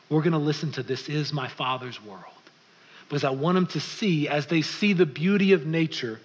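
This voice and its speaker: A male pastor delivers a sermon and acts out the voices of the people in his story. His voice is a little higher than usual and slightly husky. The recording is a bit dull, and it carries the long reverb of a large hall. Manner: animated storytelling, acting out quoted voices.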